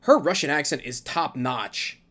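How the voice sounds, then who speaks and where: A man's voice: fairly high pitch, expressive, measured pace, pushed and bright. A man co-hosting a podcast, chatting in an enthusiastic, gushing way. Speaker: podcast co-host. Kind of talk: casual podcast chat.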